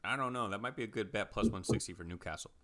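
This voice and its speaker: A man co-hosting a podcast, chatting casually about soccer picks and betting odds, relaxed and rambling with fillers. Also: fairly low pitch, quick pace. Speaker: podcast co-host. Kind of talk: casual sports betting chat.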